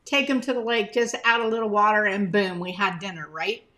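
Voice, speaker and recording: A woman's voice: medium pitch, fairly even intonation, brisk, sharp tone, a little hiss or hum. A woman hosting a casual live stream, chatting to viewers by name as she holds items up to the camera, sometimes talking with her mouth full.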